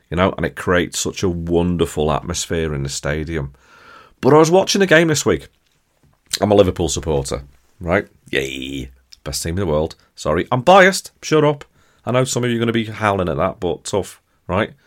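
A low-pitched man chats through his podcast monologue. He jokes along and keeps turning to his listeners with quick tag questions. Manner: chatty, jokey, addresses listeners directly with tag questions. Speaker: podcast host.

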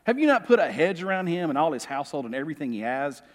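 A man's voice: fairly high pitch, very animated, fast, big-room sound. A man voicing Satan as he reads scripture aloud to a church, giving him a sullen, unhappy tone. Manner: read aloud from scripture with emphasis.

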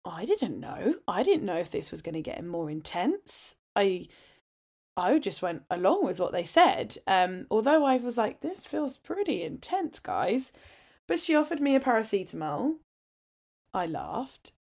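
A woman's voice: mid-range voice, very animated, normal speed, a little mellow. Woman, 30s, podcast host; candid, chatty storyteller who laughs a lot. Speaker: podcast host sharing her birth story. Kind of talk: casual storytelling.

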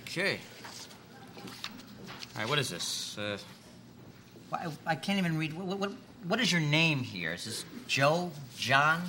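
A man's voice: on the high side, very animated, unhurried, pauses often, background noise. An actor playing a rude, scatterbrained boss in a comedy sketch, talking bluntly and dragging out his words. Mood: baffled, pushy. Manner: blunt, rambling, drags out words. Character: rude scatterbrained middle-aged male boss.

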